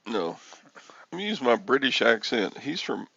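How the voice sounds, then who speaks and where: A man's voice: mid-range voice, big pitch swings, normal speed, gravelly, pushed and bright, breathy edge, no room sound, highs cut off. A man in his sixties hosting a reseller livestream, rambling and joking as he answers chat comments. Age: 60s.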